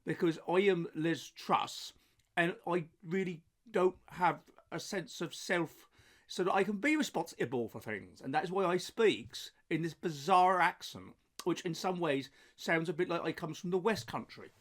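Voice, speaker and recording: A man puts on an evasive woman politician with a slow, flat, subdued delivery and a fairly high voice. She sounds detached, as if nothing is her fault.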